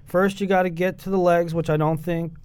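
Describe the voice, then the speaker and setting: A man's voice: sits high, flat delivery, a little fast, a little mellow, clean tone. A man co-hosting a casual sports talk show, teasing his partner and rattling off match picks. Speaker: co-host.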